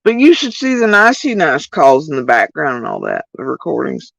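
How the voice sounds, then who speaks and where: A woman's voice: low voice, moderate pace, gravelly, no room sound, low-quality recording. A woman livestreamer talking casually to her chat in a profane, heated rant, addressing viewers directly. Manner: profane, animated ranting.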